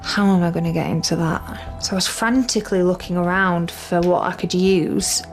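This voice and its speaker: A woman's voice: lowish voice, steady tone, moderate pace. British woman telling her story for a doc, earnest, quoting her own thoughts, faint music behind. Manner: earnest, vivid retelling with quoted inner thoughts. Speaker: interviewee recounting her experience. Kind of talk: documentary interview, first-person account.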